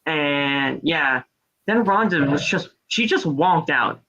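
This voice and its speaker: A man co-hosting a podcast, casually recapping a wrestling show with rambling play-by-play and quick impressions. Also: fairly high pitch, lively intonation, sharp tone, dull audio. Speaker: podcast co-host.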